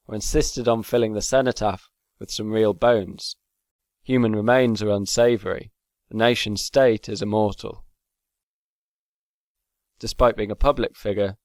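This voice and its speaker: A man reading scripted documentary narration in a measured, formal manner. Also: fairly low pitch, darkish tone, no room sound.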